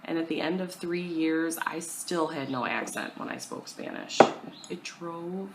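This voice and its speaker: A woman's voice: deep voice, measured pace, heavy background noise. A young woman chatting casually at home to her camera about her cross-stitch plans, self-deprecating and full of fillers.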